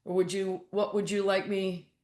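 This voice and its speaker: A woman's voice: medium pitch, little pitch movement, moderate pace, darkish tone, roomy sound. A woman guest coach speaking frankly and bluntly in a casual interview, acting out her own thoughts in quotes and swearing now and then. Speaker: guest, mental toughness coach.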